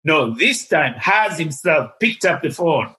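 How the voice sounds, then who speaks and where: An older man tells a story as an interview guest. He speaks in an animated way and brings the people in his story to life. His voice is pitched fairly high for a man. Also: slow pace, poor audio. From Tanzania.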